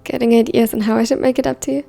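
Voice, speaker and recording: A woman reading a bashful, soft-spoken young man in a fan fiction story. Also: on the high side, fairly even intonation, very fast, gravelly, soft background music.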